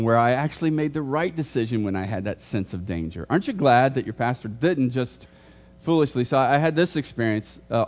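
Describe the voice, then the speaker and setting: A middle-aged male pastor preaches in a church, mid-pitched and conversational. He tells stories, makes jokes and turns to the congregation with questions. The recording sounds dull and lo-fi. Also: a little mellow. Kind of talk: sermon.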